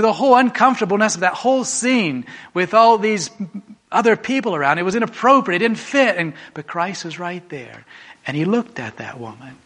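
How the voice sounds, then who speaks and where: A man preaching a sermon, telling a story emphatically and swinging from a hushed voice to a raised one. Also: sits high.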